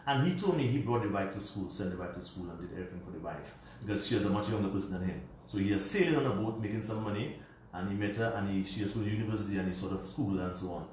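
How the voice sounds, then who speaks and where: A man's voice: lowish voice, racing, a little mellow, slight background noise. A man from Dominica, a guest on a radio show, telling a personal family story in a meandering, colloquial way. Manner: puts on his father's voice when quoting him. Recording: very roomy recording from a distance.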